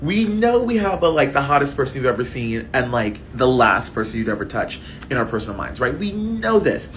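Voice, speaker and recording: Frank, rambling male commentator talking to camera, light rumble under the voice. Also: very animated, fairly quick, a bit bright, rough recording. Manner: frank, rambling, filler-heavy with frequent "like" and "right?". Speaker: social media commentator. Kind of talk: casual monologue.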